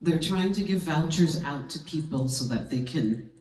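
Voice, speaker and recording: A woman giving a sermon as a guest speaker, telling a personal story with lively energy and acting out the voices of the people in it. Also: deep voice, normal speed. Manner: animated, acts out quotes in voices. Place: church hall. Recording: roomy hall, distant mic.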